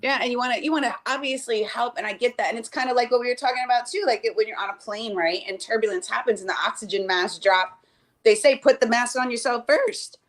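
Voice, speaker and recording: A woman's voice: a little high, steady tone, fast talker, a bit bright. A woman chatting casually on a live stream call, rambling with many restarts and acting out quotes. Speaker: mother discussing cardology. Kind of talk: casual chat. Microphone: remote call.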